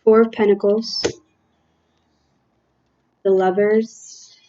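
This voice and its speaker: A woman talks through a tarot reading at an unhurried pace, stopping often to gather her thoughts. Her voice is mellow and soft-edged. The recording sounds a little dull and lo-fi. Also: mid-range voice, flat delivery. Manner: slow, halting, reflective with fillers. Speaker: tarot reader. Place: home room with windows.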